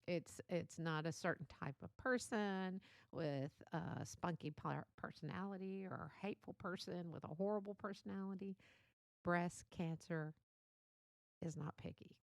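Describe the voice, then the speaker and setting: A woman's voice: fairly low pitch, moderate pace, creaky, hardly any pauses, dry recording. An older woman hosting a solo podcast, chatty and motherly, laughing often as she talks. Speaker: podcast host. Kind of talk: casual solo podcast talk.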